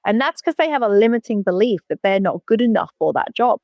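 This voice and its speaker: A woman talks quickly and bluntly as a podcast guest, leaning hard on her points and dropping the odd swear word. Her voice sits at an ordinary middle pitch. The recording is close and dry, with no room sound. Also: lively intonation, darkish tone, dry recording. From United Kingdom. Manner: blunt, emphatic, swears casually. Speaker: guest, agency founder. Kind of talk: casual interview chat.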